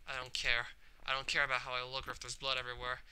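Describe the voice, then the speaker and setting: A man's voice: medium pitch, monotone, very fast, bright, forceful tone, smooth. A man reading as Yuri, a tormented teenage girl. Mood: despairing. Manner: emotional, voice rising to cries. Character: troubled shy teenage girl, anxious, brooding. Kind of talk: reading a visual novel aloud.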